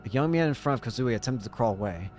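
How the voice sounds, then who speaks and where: A young man reads a visual novel aloud in a middle-pitched voice, breaking off for quick casual reactions. Soft game music plays faintly behind him. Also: animated. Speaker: game streamer.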